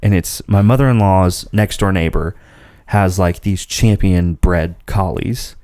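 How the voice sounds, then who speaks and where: A man's voice: low voice, measured pace, darkish tone, dry recording, clean studio sound. A man hosting a casual podcast, telling rambling stories and laughing often. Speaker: podcast host. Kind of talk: casual chat.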